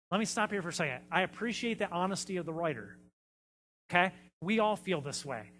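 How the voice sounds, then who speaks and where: High bright-voiced man preaching. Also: animated, a little fast, big-room sound, a little hiss or hum. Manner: conversational storytelling with frequent fillers. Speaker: pastor. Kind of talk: sermon. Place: church sanctuary.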